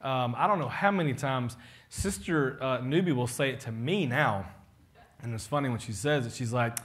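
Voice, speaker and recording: A man's voice: mid-range voice, normal speed, fairly bright tone. A man, a pastor giving a casual, joking leadership talk to his congregation and acting out the people he quotes.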